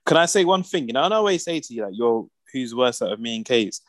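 A man's voice: medium pitch, lively intonation, fast, dry recording. A young man chats in loose, slangy banter and laughs easily. His voice sits in an ordinary middle range. The recording is close and dry, with no room sound. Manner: laid-back slangy banter, laughs often. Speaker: podcast co-host. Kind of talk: casual chat.

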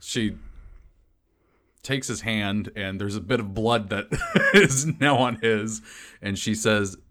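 A man's voice: lowish voice, slow, pauses often, fairly bright tone. A man playing a character in a tabletop game, hesitant and full of fillers. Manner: hesitant, many fillers, laughs. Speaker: player.

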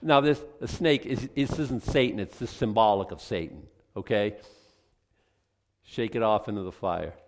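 A man's voice: fairly low pitch, normal speed, a little hiss or hum. A male pastor preaching a sermon in a conversational, joking, rambling way.

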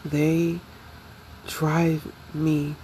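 A young adult woman speaking slowly and reflectively in an emotional, confessional personal vlog. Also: low voice, level tone, mellow, a little hiss or hum, poor audio. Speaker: vlogger.

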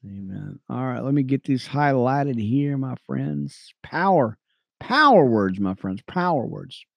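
Man, Bible reading, excitable, chatty asides, dry close sound. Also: medium pitch, unhurried, gravelly, dry recording, highs cut off. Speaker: radio Bible teacher. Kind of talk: reading scripture with commentary.

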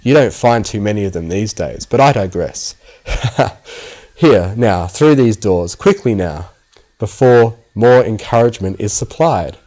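A man's voice: fairly low pitch, animated, normal speed, warm tone, close to an everyday voice. A man voicing a gleeful, sinister male pony scientist who mocks and gloats theatrically. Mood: gloating.

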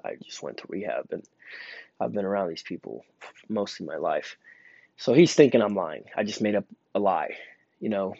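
Low-voiced young man telling a rambling story. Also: animated, moderate pace, gravelly, warm tone, husky, no room sound. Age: young adult. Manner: rambling, many fillers and restarts. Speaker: store employee telling a story. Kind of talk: casual storytelling monologue. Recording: dull lo-fi dry recording.

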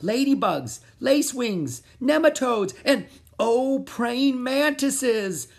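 A woman's voice: sits low, big pitch swings, moderate pace, a little mellow, husky, exaggerated voice. A reader voicing a friendly woman selling bugs at a market booth, teaching with enthusiasm in a storybook reading. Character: friendly female bug seller at market.

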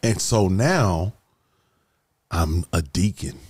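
A man telling his life story as a guest, casual and animated, often saying "bro" as he talks. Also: sits low, slow pace, slightly rough. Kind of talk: emotional personal storytelling.

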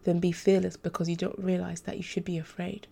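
A woman's voice: lowish voice, level tone, a little fast, gravelly, mellow. A woman reading the part of a troubled young female angel tutor in a formal, hesitant, restrained way. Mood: earnest.

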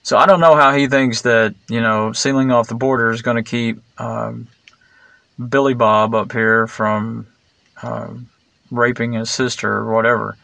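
A man's voice: medium pitch, fairly even intonation, a little slow, gravelly, sharp tone, dry recording. A man talking in a rambling opinion monologue, meandering and digressive, blunt and sarcastic, full of fillers and restarts. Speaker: vlogger.

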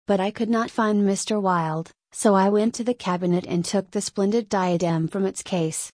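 A woman narrating a dark literary tale in the first person, giving a dramatic reading. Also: mid-range voice, normal speed, hardly any pauses, no room sound. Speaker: audiobook narrator.

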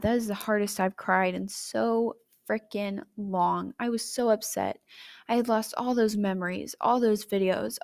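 A young adult woman hosting a podcast, chatty and candid, telling a personal story with emotive jumps in pitch and loudness. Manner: chatty and candid, addressing listeners directly. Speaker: podcast host.

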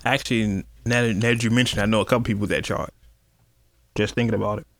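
A man's voice: lowish voice, flat delivery, fast talker, fairly bright tone, no room sound. A man co-hosting a podcast, laid-back in casual chat, slipping into mock-formal announcements. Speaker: podcast co-host.

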